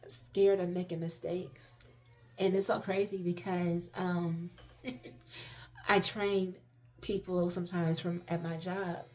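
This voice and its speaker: With a lowish, slightly mellow voice, a female vlogger talks through her personal reflections in a casual, rambling way. She's candid and introspective, curses freely, and her speech is full of false starts and fillers.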